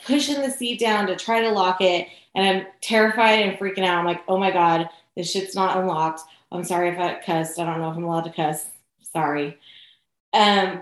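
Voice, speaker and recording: A woman telling a personal story in casual chat, full of "like" and "you know". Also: mid-range voice. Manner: chatty, lots of "like" and "you know". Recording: echoey room.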